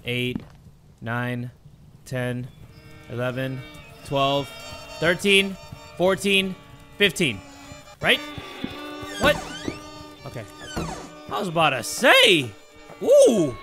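A young man giving excited gameplay commentary, swearing often and talking to his viewers, swinging between hyped yelling and muttered counting. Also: mid-range voice, very slow, pauses often, over music. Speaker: gaming YouTuber.

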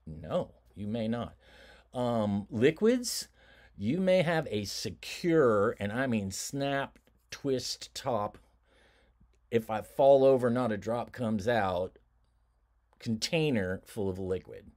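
Chatty, joking male college instructor. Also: slow pace. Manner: joking, easygoing, chatty with laughs and asides; animated swings in pitch and loudness. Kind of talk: recorded classroom lecture.

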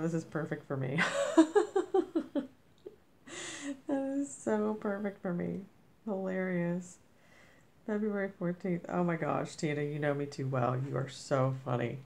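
A woman vlogger, a little under the weather, gushing as she opens mail, with a squeaky voice. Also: creaky, darkish tone, slight background noise. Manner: gushing, effusive. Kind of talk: casual unboxing chat.

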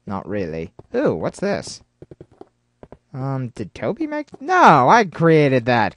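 A man giving rambling gameplay commentary, talking to himself with excitable outbursts. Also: mid-range voice, takes it slowly, a little hiss or hum. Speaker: let's play host.

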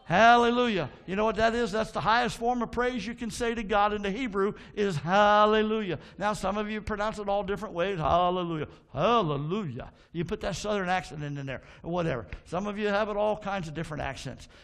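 A pastor preaching a sermon in a church, fervent, calling out to the congregation for responses and dropping into folksy asides. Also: male voice, high-pitched, brisk, vocal fry, hardly any pauses, fairly bright tone. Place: church sanctuary.

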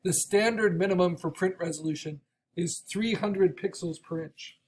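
A man teaching an online art course, explaining steps with frequent restarts and a voice gone raspy from coughing. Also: high voice, normal speed, very noisy. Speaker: art instructor. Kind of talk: recorded online course lecture.

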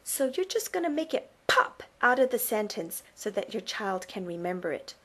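A woman's voice: mid-range voice, sing-song, normal speed, a bit bright, husky. A woman teaching parents on camera in an upbeat, coaching way, often checking in with the listener. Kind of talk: instructional talk to camera.

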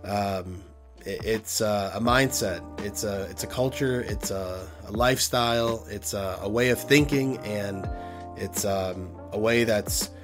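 A man's voice: lowish voice, measured pace, music in the background. A man hosting his own podcast alone, talking casually in a rambling, self-deprecating way with many fillers. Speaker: podcast host. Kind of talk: casual solo podcast talk.

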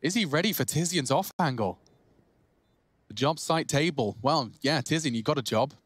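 A man commentating live esports play-by-play, chatty and excitable, lifting his voice on big plays. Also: a little high, moderate pace. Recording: clear background clicking noise.

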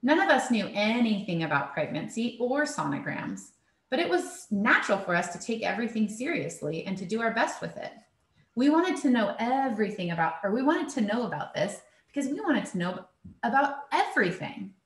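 A woman narrating an audiobook chapter in a wry storytelling voice, her pitch moving lively through each sentence. The reading sits in a roomy, echoing space. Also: brisk. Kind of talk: scripted narration. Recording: roomy echo.

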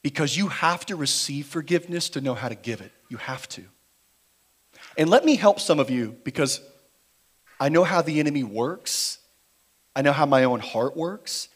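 A man preaching a sermon in a church, moving between quiet, slow emphasis and louder, driven passages. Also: on the high side, lively intonation, slightly rough. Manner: dynamic preaching, shifting between quiet emphasis and raised intensity. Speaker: pastor. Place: church sanctuary.

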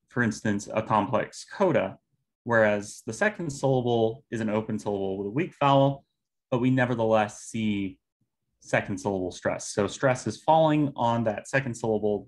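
A man giving an academic linguistics talk over a video call, explaining step by step with pauses and fillers. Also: fairly low pitch. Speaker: linguistics presenter.

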